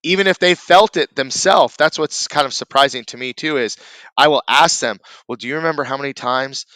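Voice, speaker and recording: Bright, smooth-voiced podcast host. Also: male voice, mid-range voice, a little fast, no echo. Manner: reflective, agreeable, builds on the guest's points. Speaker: podcast host, martial arts instructor. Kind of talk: conversational interview.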